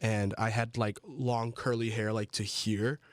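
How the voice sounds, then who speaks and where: A young man, co-hosting a podcast in casual chat, telling animated stories and acting out quoted voices. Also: lowish voice, measured pace, no echo. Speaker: podcast co-host.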